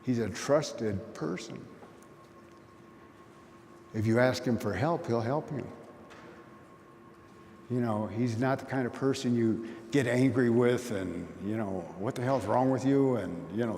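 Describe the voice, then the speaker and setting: A man's voice: medium pitch, takes it slowly, long pauses, darkish tone. Folksy man speaking in a reverberant hall. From Oneida community. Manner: storytelling, folksy, plain-spoken. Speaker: conference speaker. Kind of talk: conversational talk. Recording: long hall reverb, faint noise.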